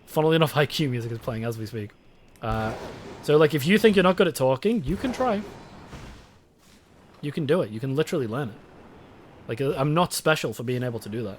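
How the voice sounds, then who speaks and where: A man's voice: medium pitch, lively intonation, quick pace, long pauses, a little hiss or hum. A young British man streaming a game, chatting casually with his chat, swearing and rambling. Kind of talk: casual live-stream chat while gaming.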